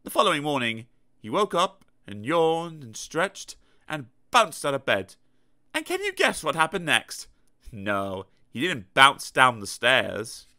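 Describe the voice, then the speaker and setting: A man reading a children's storybook aloud in a lively, playful way, with sound effects. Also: on the high side, a little slow. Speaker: audiobook narrator.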